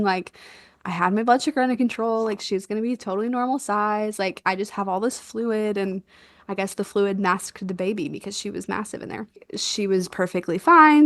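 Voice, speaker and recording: A young woman telling a birth story in a casual chat, animated and quick to laugh, acting out what was said. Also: mid-range voice, no room sound, clean studio sound. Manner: animated, laughs often, acts out quotes. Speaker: guest, doula.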